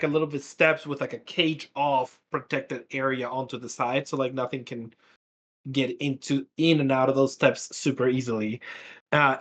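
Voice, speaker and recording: A man's voice: fairly high pitch, a bit bright. A man narrating a tabletop game as game master, rambling with lots of fillers and restarts.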